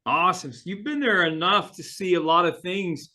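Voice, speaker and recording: A man hosting a podcast, asking relaxed open questions with a few fillers. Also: sits high, moderate pace. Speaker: podcast host. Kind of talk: casual interview.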